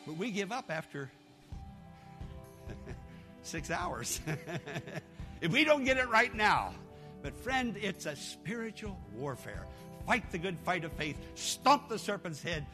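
A man's voice: high voice, sing-song, takes it slowly, pauses often, sharp tone, soft background music. A man preaching a fervent, exhorting sermon as a pastor.

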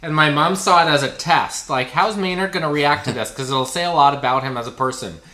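A man's voice: fairly high pitch, fairly quick, bright, forceful tone, roomy sound. A man chatting casually with a co-host, upbeat and talkative. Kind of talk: casual chat.

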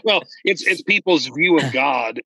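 A man in casual conversation about faith, explaining earnestly and getting animated when he retells stories. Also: on the high side, a little slow, slightly rough, dry recording, low-quality recording.

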